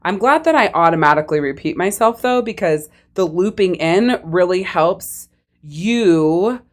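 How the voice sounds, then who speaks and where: Candid woman podcast host, lowish voice. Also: expressive, measured pace. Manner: candid, conversational, swears casually. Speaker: podcast host and life coach. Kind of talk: personal storytelling monologue.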